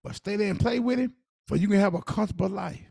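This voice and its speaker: A man's voice: high-pitched, fast, vocal fry, dark tone, breathy edge, no room sound, studio quality. A man co-hosting a podcast, giving earnest, preachy advice in casual talk. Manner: earnest, preachy advice with Southern Black vernacular. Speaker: podcast co-host.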